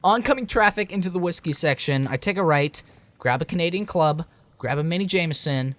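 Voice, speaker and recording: A man's voice: a little high, animated, a little fast, a bit bright. Rambling young man ranting about games. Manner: rambling, filler-heavy, restarts. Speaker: game reviewer. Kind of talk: rambling late-night vlog rant.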